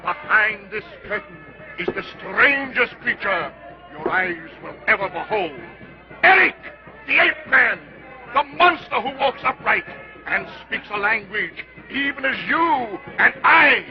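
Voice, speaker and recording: An actor playing a booming, hard-selling carnival sideshow barker in a 1930s film. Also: male voice, lively intonation, measured pace, soft background music. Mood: hawking. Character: loud male sideshow barker. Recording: dull 1930s film soundtrack.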